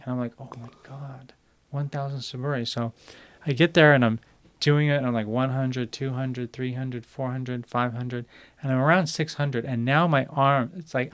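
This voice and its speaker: Smooth-voiced chatty man. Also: mid-range voice, no echo. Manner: chatty, relaxed, retells scenes with quoted dialogue. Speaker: podcast co-host. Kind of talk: casual storytelling chat.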